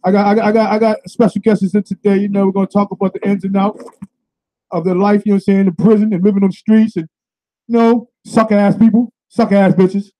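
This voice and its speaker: A man's voice: sits high, level tone, fast, warm tone. A young man from Massachusetts hosting a casual talk show, speaking in a loose, profane, rambling way. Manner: loose, profane, repetitive with "you know what I mean". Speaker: show host. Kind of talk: casual streetwise monologue.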